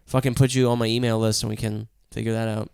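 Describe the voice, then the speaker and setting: Smooth-voiced joking young man. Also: on the low side, level tone, fast talker, darkish tone, dry recording, clean studio sound. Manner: joking, laughs often, swears. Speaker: podcast co-host, stand-up comedian. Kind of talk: casual crude podcast banter.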